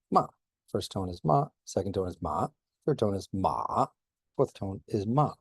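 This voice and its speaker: A man giving a relaxed recorded slideshow lecture on history, informal, with many fillers and restarts. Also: fairly low pitch, no room sound.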